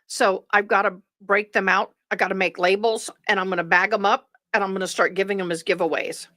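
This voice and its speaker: Woman, livestream host, tired, rambling chat, dry close sound, mid pitch. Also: fairly even intonation, a little fast, no room sound. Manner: chatty, rambling, warm toward viewers. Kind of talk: casual chat with live viewers.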